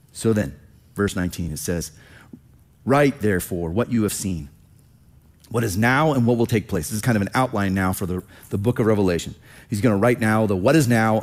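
A male pastor preaching with a mid-range voice. He talks in a conversational, animated way and acts out quoted lines as he explains the text. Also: medium pitch. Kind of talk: sermon teaching.

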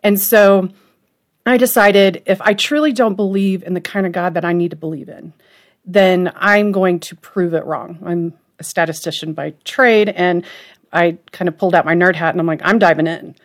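A middle-aged woman speaks earnestly and openly. Her voice sits a little low for a woman. She talks with strong emotion and in a conversational way. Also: steady tone, normal speed. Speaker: podcast co-host and author, guest. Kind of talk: candid faith conversation.

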